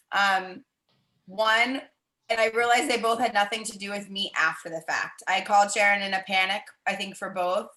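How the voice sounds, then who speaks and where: A woman chatting on a video call, telling a story in a lively way and acting out the voices she quotes. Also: mid-range voice, roomy sound, poor audio. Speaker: team member sharing a story.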